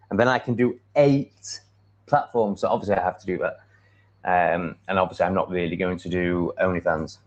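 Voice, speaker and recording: A man with an English accent, chatting off the cuff on a live stream, swearing freely, restarting his sentences and laughing at comments. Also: on the low side. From England. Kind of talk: rambling live-stream chat, reacting to comments.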